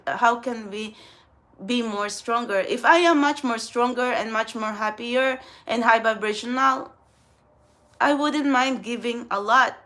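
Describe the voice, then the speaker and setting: A woman's voice: on the high side, fairly bright tone. Blunt rambling young woman vlogger. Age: young adult. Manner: blunt, rambling, frequent swearing. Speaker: spiritual channel host. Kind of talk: casual get-ready-with-me vlog talk.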